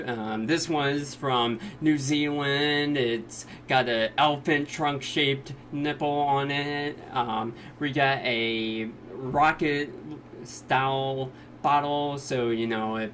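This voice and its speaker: A man recapping anime episodes in casual, jokey talk, sometimes quickly acting out the characters' lines. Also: mid-range voice, a bit bright, slight background noise. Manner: jokey retelling, quick quoted voices of characters. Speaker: anime reviewer.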